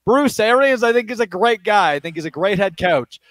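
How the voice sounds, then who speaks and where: A man hosting a post-game sports talk show, talking quickly with lots of fillers and getting worked up. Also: high voice, no echo. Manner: fast, excited, many fillers. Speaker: show host.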